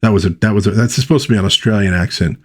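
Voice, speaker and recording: A man's voice: fairly low pitch, very fast, a little mellow, breathy edge. A man chatting casually through a comic book review, rambling and correcting himself as he goes.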